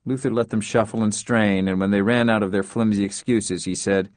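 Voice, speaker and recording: A man narrates a story in a measured, understated audiobook reading. His voice sits low. The recording is dry and close, with no room sound. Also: steady tone, a little mellow, no room sound.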